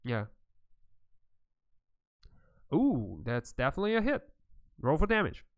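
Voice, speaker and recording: A man runs a tabletop game as game master, narrating loosely with plenty of fillers and quick laughs. His voice sits a little high and swings up and down a lot. He speaks at an unhurried pace. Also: wildly swooping pitch.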